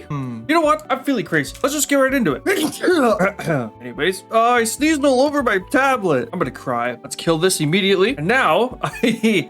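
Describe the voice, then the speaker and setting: A man host casually talking viewers through a digital drawing, playful and self-mocking, excitable, with mild swearing. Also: on the high side. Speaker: digital artist and channel host. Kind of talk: casual commentary while drawing.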